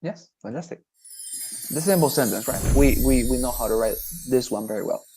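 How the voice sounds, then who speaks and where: In a one-on-one online lesson, a male English teacher with an expressive mid-range voice explains things slowly and patiently, repeating praise to encourage his student. Music plays in the background.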